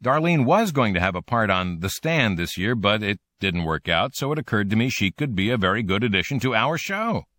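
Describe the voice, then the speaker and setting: A man's voice: lowish voice, big pitch swings, fairly quick, hardly any pauses, a bit bright, dry recording. A man reading an audiobook, voicing a slick middle-aged TV producer who talks people around. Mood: persuasive.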